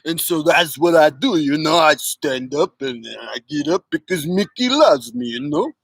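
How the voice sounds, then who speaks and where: A man's voice: a little high, expressive, normal speed, no room sound, poor audio. A man streaming live, chatting in a rambling, jokey way and reading out viewer comments. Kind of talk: casual livestream chat.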